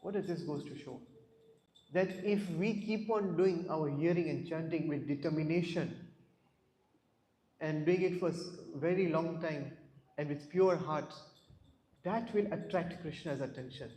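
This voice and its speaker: A man's voice: on the high side, unhurried, warm tone. A man giving a scripture class, asking the listeners questions and telling stories, often repeating words. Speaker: class speaker. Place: temple hall. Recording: echoey hall.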